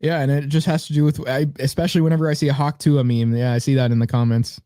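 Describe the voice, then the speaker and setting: A man's voice: medium pitch, fairly even intonation, fast talker, warm tone, dry recording, clean studio sound. A young man co-hosting a podcast in casual chat, rambling with fillers and laughing often. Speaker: podcast co-host.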